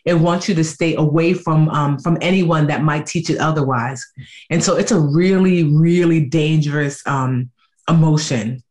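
A woman in her thirties, a guest in an interview, telling her story in a lively, animated way. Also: low-pitched, moderate pace. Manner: animated, acts out quoted voices.

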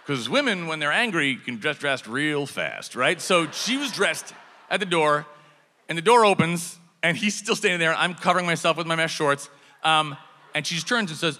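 A man with a bright, fairly high voice tells a comic story on stage, swinging his pitch all over as he acts out the scene. His voice rings with a long reverb from a large hall. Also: a little fast. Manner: animated, acts out shouted dialogue. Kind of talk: live comedic storytelling.

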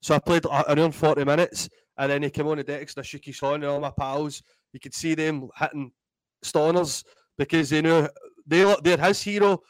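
A Scottish man in his thirties, a DJ and comedian telling animated, sweary stories in a casual interview. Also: fairly high pitch, no echo, poor audio. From Scotland. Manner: animated, swears freely, acts out voices in anecdotes. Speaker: guest DJ and comedian.

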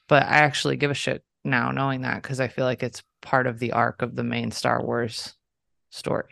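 Candid male guest, gravelly voice, dry close sound, casual swearing. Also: medium pitch, flat delivery, a little fast, fairly bright tone, no echo. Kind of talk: casual chat.

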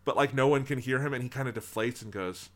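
A man co-hosting a podcast, chatting casually about a movie, animated, swearing freely and acting out lines from the film. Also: mid-range voice, fast talker. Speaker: podcast co-host. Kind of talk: casual film review chat.

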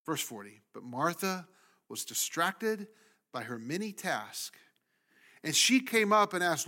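A man preaching a sermon as pastor, speaking with animated emphasis and sometimes voicing the complaints of people in the story. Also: fairly high pitch, a little slow.

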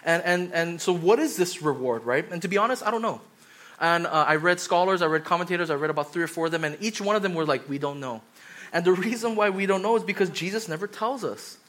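Animated young male pastor preaching. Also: high voice, quick pace. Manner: animated storytelling, acts out quoted voices. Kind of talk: sermon.

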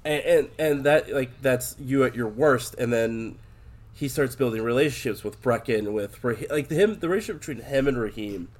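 A man talking casually at a middle pitch. He rambles, restarts his sentences and swears freely. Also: lively intonation, moderate pace. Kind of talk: casual chat about a video game.

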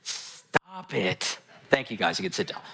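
Male preacher, lively and animated delivery, joking asides with the congregation. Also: fairly low pitch, a little slow, gravelly, background noise. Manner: animated storytelling, addresses congregation, jokes. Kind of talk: sermon.

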